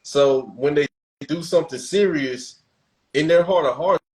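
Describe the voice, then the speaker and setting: A man's voice: a little high, unhurried, a little mellow, poor audio. Laid-back man in casual chat. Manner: laid-back, laughs often, restarts sentences. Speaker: podcast host.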